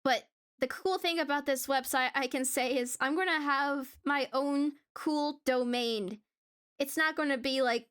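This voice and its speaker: A woman's voice: high voice, fairly bright tone, clean tone. A woman streamer chatting casually with her viewers while drawing, giggling often and stumbling over restarts.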